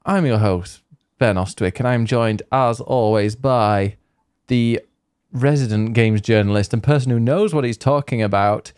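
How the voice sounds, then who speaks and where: A man's voice: mid-range voice, a little slow, a little mellow, clear, resonant tone, dry recording, clean studio sound. A man hosting a games podcast, rambling and joking in casual banter. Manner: jokey, rambling, self-mocking. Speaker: podcast host.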